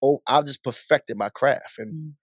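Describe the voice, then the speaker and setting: A man's voice: medium pitch, a little slow, slightly rough, no echo. A man from Baltimore, a guest DJ and radio host, telling stories animatedly in a casual interview. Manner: animated, acts out voices in stories.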